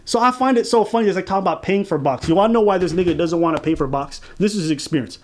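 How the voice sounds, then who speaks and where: Man, high voice, rapid talk, mocking casual commentary, profane. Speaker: commentary channel co-host.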